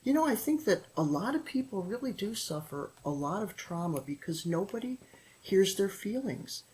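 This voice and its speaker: A middle-aged woman, a guest on a parenting podcast, telling lively stories from her teaching and family life and acting out what people said. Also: mid-range voice, normal speed, poor audio. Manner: animated storyteller who acts out quotes and laughs often. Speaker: guest, author and former teacher. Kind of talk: podcast interview storytelling.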